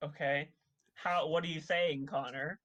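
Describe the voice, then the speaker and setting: A man as game master, narrating a tabletop game in a deadpan way. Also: a little high, unhurried, no echo, highs cut off.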